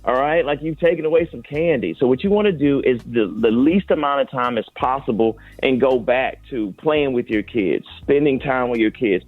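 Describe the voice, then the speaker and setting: A man's voice: mid-range voice, normal speed, few pauses, dry recording, soft background music. A man speaking as a guest doctor on a radio morning show, giving earnest, explanatory advice about kids and screens. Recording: phone-line sound, dry.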